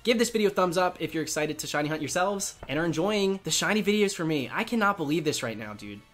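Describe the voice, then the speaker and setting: Excitable man with a lively, swooping voice. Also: fairly high pitch, quick pace, faint music behind. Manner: excitable, chatty, coos at on-screen creatures. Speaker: gaming YouTuber. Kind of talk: excited gaming commentary.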